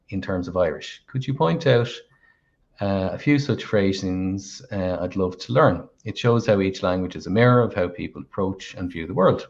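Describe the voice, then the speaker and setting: Host, male, lowish voice, reads viewer questions steadily; muffled lo-fi call audio. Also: vocal fry. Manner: reads questions aloud at a measured pace.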